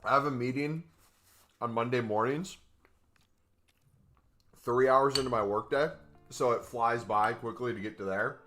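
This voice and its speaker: A gaming streamer with a medium-pitched, fairly bright voice chats casually with his viewers at a measured pace, pausing often, with faint music behind him. He rambles with lots of fillers and sometimes talks with food in his mouth.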